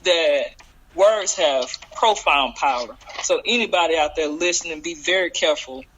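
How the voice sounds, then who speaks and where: Man, podcast co-host, high voice, bright tone, earnest and preachy. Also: moderate pace, a little hiss or hum, low-quality recording. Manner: earnest, preachy advice-giving. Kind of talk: casual podcast chat.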